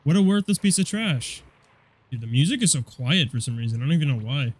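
A young man giving casual, profane commentary over a car combat game, rambling and quick to get annoyed. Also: on the high side, lively intonation, slightly rough. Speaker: gameplay commentator.

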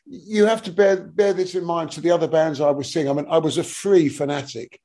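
A man in his sixties, a guest musician telling rambling, animated stories with lots of restarts and casual swearing. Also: fairly high pitch, brisk. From England. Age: 60s. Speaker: guest musician, bass player. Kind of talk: casual anecdotal interview talk.

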